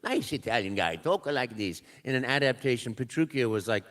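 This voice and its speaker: With a brisk, medium-pitched voice, an older man who voices characters tells a story as a guest at a live convention panel. Animated throughout, he acts out both the lines and the sounds.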